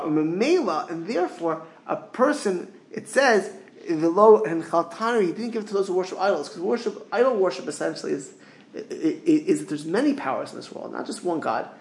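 A man's voice: high voice, echoey room, low-quality recording. A man teaching as a rabbi in a Torah lecture, mixing Hebrew phrases into English and often repeating words as he searches for the next one.

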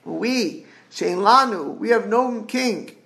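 Gravelly, high-voiced man preaching. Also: takes it slowly, pushed and bright. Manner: earnest, repeats and restarts words, rising emphasis. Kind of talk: sermon storytelling.

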